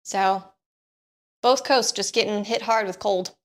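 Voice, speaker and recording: A woman's voice: mid-range voice, a little slow. A woman from California chatting casually on a live stream, laughing often. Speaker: co-host.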